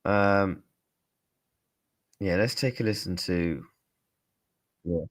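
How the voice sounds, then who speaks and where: A man's voice: low-pitched, drawn-out words. A man hosting a casual reaction stream, chatting to his viewers. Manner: chatty, lively asides to viewers. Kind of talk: casual live-stream chat.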